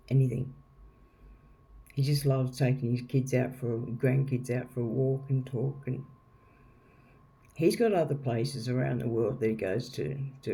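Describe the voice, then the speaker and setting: A tarot reader gives viewers a casual, rambling reading, repeating himself and often asking "okay?" to check in. His voice is medium-pitched, warm, and creaky.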